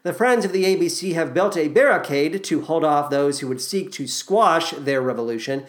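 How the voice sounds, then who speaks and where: A woman's voice: low-pitched, lively intonation, normal speed. Sarcastic woman recapping a musical. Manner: sarcastic, irreverent, slips into silly voices. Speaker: podcast host. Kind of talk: comedic plot recap.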